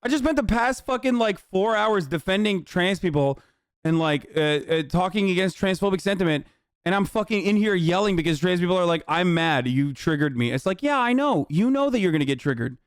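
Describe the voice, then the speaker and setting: A man's voice: sits high, expressive, a little fast, clear, resonant tone, dry recording, clean studio sound. A male livestreamer ranting heatedly and profanely at his chat.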